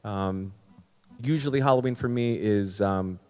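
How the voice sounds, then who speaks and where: His voice sits on the low side, unhurried, darkish, clear and resonant, with a big-room sound. It's a man hosting a weekly comedy-music livestream from home, rambling with self-deprecating humor and crude jokes in casual banter.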